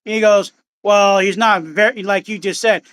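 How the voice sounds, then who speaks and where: A man's voice: high-pitched, fairly even intonation, moderate pace, a bit bright, clear, resonant tone. A man in his fifties, a guest in a casual chat, telling long rambling stories with animation.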